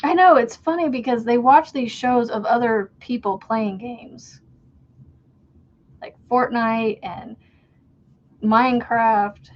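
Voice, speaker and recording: A woman's voice: fairly high pitch, takes it slowly, pauses often. A woman hosting a crochet livestream, chatting and rambling casually as she works and laughing at her own stories. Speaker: crochet livestream host and homeschool mom. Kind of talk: casual chat while crocheting. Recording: dull lo-fi stream audio.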